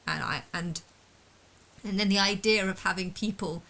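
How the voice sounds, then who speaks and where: In an unscripted solo monologue to camera, a vlogger rants bitterly and swears often, angry and emotionally distressed. Her medium-pitched voice has vocal fry and sounds pushed and bright at a normal speed. The recording is rough.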